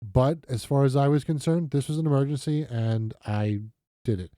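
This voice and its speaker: Male vlogger, very dark and mellow tone, dry close mic, casual, self-deprecating, full of ums and restarts. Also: medium pitch, moderate pace, dry recording. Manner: chatty, self-deprecating, many fillers and restarts. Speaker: budgeting vlogger. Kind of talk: casual screen-share walkthrough.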